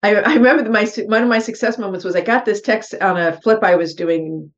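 A woman's voice: mid-range voice, fast talker. A middle-aged woman with a mid-range voice tells her story earnestly as a podcast guest. She talks with animation and acts out her own thoughts in quotes. The audio is a little dull and muffled. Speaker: podcast guest, real estate investor. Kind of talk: personal storytelling in an interview.

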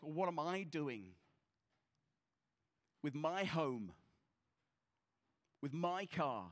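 A man preaching a sermon as a pastor, earnest, often repeating his words, moving between passionate exhortation and quiet prayer. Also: a little high.

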